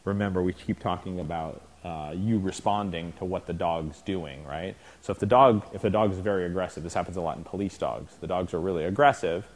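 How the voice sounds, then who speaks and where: Hardly pausing, a deep-voiced man speaks fairly quickly as he teaches a clinic for dog trainers. The lecture is informal and chatty, with frequent check-ins with the class and acted-out scenes.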